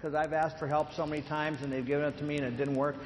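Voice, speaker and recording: A man with a slightly higher voice gives a conversational sermon and slips into little acted quotes along the way. He often repeats himself as he talks. His voice rings out with a long reverb, the way it would in a church hall. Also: flat delivery, fast, a little hiss or hum. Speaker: speaker on addiction and grace. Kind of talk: sermon with storytelling.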